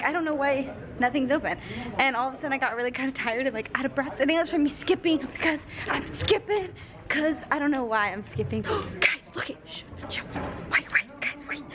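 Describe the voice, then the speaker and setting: A woman vlogging casually to camera, bubbly and excitable, often gasping and giggling as she talks. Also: sits high. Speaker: vlogger and streamer. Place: home room, then an airport terminal. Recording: noisy handheld vlog audio.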